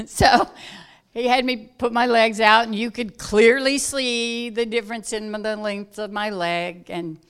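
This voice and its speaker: A woman from South Georgia, telling a personal story in casual talk, animated and acting out the voices of the people in it. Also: a little high, measured pace, clean tone. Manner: animated, acts out quoted voices loudly, laughs while telling. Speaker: guest telling a testimony.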